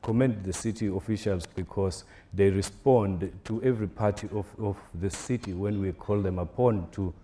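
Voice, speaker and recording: A man answering panel questions in a low, mellow voice. He speaks in a measured way with frequent fillers, over faint background noise. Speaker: business chamber representative. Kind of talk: panel discussion.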